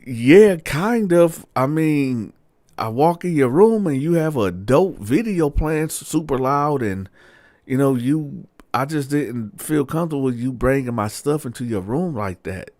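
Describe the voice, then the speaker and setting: Male storyteller voicing a young married woman: high, uneasy, offended; dry close sound. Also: expressive, measured pace, darkish tone, no echo. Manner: high, raised voice.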